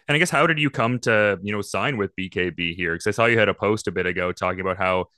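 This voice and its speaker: A man's voice: on the low side, fast, sharp tone, no room sound, clean studio sound. A man hosting an interview, asking loose, rambling questions in a casual way. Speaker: podcast host. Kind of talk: interview host.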